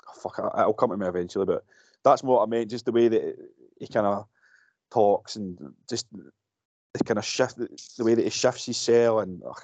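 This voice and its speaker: A Scottish man co-hosts a podcast, chatting casually about a film, rambling along and swearing freely. His voice sits on the low side with a darkish tone, and the recording is dry and dull.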